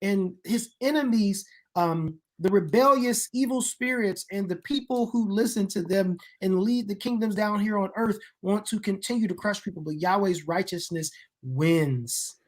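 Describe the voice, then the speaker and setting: A woman explains scripture and ancient history in a relaxed conversation. She talks at a mid pitch, and her delivery grows animated as she builds each point to an emphatic finish. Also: normal speed. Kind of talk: casual discussion of Bible history.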